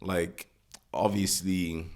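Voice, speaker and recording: A man's voice: low voice, drawn-out words. A man co-hosting a podcast, chatting bluntly and acting out quoted voices. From Nigeria. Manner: blunt, animated, acts out quotes. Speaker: podcast co-host. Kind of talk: casual chat.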